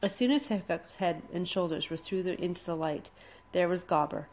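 Woman narrating a kids book, lowish voice, dramatic pauses. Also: darkish tone. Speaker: storyteller. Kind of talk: expressive storybook read-aloud.

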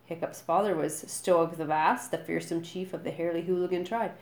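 A woman reading a storybook aloud in a lively, expressive way. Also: on the low side, moderate pace, hardly any pauses. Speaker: narrator. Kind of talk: storybook narration. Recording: roomy echo.

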